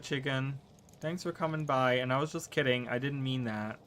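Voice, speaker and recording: A man's voice: medium pitch, moderate pace, a bit bright, a little hiss or hum. A man streaming a game, chatting casually with his viewers, rambling, tripping over his words and restarting sentences while playing. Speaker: gaming streamer. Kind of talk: casual livestream chat while gaming.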